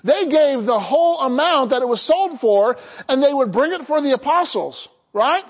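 In dull-sounding audio, a man with a very high-pitched voice and lively intonation preaches at a moderate pace. He addresses the congregation as their pastor and prompts them to answer back.

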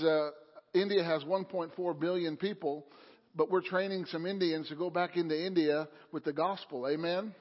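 A man preaches to his congregation in a loose, unhurried way, pausing on filler sounds as he goes. His voice sits a little high, and the sound is dull and lo-fi. A long reverb trails behind it in the church hall. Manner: casual, hesitant with many uh fillers. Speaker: pastor. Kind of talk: sermon. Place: church sanctuary.

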